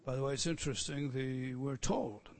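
A man preaching an expository sermon, swinging between loud declarations and hushed asides. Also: mid-range voice, fairly even intonation, moderate pace.

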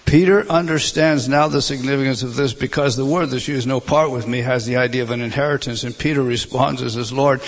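A man preaching a sermon, emphatic, often restarting and repeating words, swinging between loud stresses and hushed asides. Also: medium pitch, brisk, hardly any pauses.

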